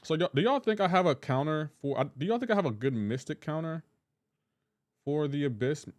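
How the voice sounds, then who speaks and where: A man with a light Southern US accent reacts animatedly to his viewers' messages during a casual gaming live stream. His voice is on the high side and fairly quick, with no echo.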